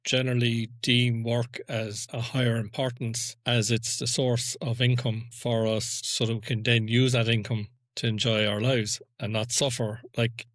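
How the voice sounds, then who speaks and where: An Irish man in his forties puts questions to his friends in a loose podcast chat, challenging their views. His voice sits at an everyday middle pitch, and the sound is dry and close. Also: level tone, moderate pace, few pauses, a bit bright, no echo. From Ireland. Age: 40s. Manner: asks probing questions. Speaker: podcast co-host. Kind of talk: casual chat among friends.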